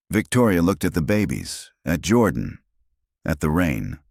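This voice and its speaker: A man narrating a scripted drama story in a measured storytelling way. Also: low voice, big pitch swings, vocal fry, darkish tone, dry recording, clean studio sound.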